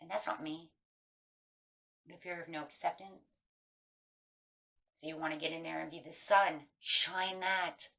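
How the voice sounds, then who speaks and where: A woman's voice: low voice, fairly even intonation, measured pace, creaky, long pauses, sharp tone. Chatty woman giving a tarot reading. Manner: chatty, acts out anxious inner voices. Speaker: tarot reader.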